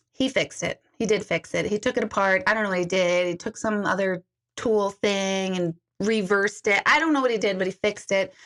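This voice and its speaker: On her live stream, an intuitive host chats casually, laughing often, telling stories and voicing viewers' comments aloud. She has a mid-range, fairly bright voice.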